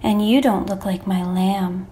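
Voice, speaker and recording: A woman voicing a gentle, loving mother kangaroo in a storybook read-aloud. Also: medium pitch, fairly even intonation, measured pace, natural voice. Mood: sad.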